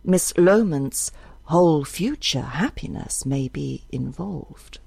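A woman's voice: sits low, expressive, slow, gravelly, dark tone, husky, no echo, exaggerated voice. A woman voicing a frail but insistent older widow who speaks formally in an audiobook.

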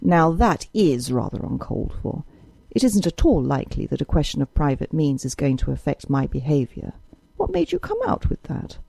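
Woman playing a blunt practical young guy, lower, husky, no frills. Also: big pitch swings, normal speed, mellow, no room sound, exaggerated voice. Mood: affronted. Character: plain-spoken young man, practical and blunt. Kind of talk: audiobook character reading.

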